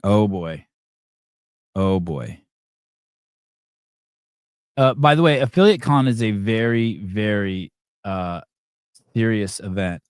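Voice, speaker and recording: A man's voice: fairly low pitch, animated, slow, long pauses, clear, resonant tone, no echo, studio quality. A man hosting a live call-in podcast, rambling in a sarcastic, profane way. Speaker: podcast host.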